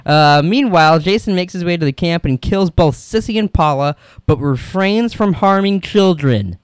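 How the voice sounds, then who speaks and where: A man's voice: sits high, expressive, normal speed, clean tone, dry recording, studio quality. A man co-hosting a podcast, casually recapping a film's plot, laughing often and slipping into silly voices for the characters. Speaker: podcast co-host.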